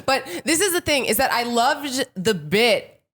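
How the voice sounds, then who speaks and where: A woman's voice: on the high side, very animated, measured pace, fairly bright tone. A woman co-hosting a podcast, chatty and opinionated, peppering her talk with fillers. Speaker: podcast co-host. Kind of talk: casual chat.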